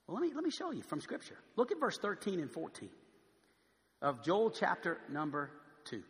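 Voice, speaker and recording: A man preaching a sermon, swinging between hushed pleading and loud proclaiming, recorded in a large church. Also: high voice, huge pitch swings, normal speed. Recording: long hall reverb.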